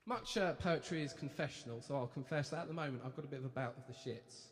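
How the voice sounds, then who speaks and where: A man's voice: medium pitch, fast talker, very noisy. Dry-witted man doing a comedy poetry set. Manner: dry, wry, confessional banter. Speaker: performance poet. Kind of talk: live comic poetry set. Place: live venue stage. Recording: echoey hall with crowd laughter.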